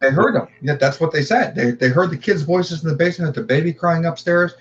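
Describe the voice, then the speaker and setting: A man's voice: a little high, a little fast, lo-fi sound, a little hiss or hum. A man, a podcast guest, earnestly telling a personal story in conversation and often repeating his words as he goes.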